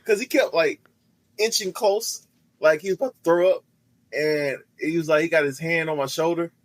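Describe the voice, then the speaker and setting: Male podcast co-host, animated storyteller, fairly high, dry and close. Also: moderate pace, no room sound, low-quality recording. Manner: animated, laughs often, repeats himself.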